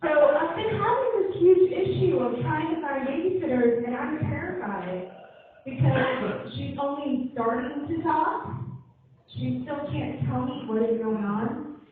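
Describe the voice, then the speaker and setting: A woman's voice: sits high, lively intonation, measured pace. A young woman performing a live stand-up set, telling a chatty story and acting out the people in it. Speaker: stand-up comedian. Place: live comedy venue. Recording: echoey, tinny, from far off.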